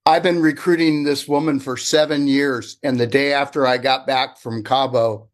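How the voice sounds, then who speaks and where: A man's voice: medium pitch, fairly even intonation, normal speed. Earnest man sharing a story. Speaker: call participant. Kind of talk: casual sharing on a group call.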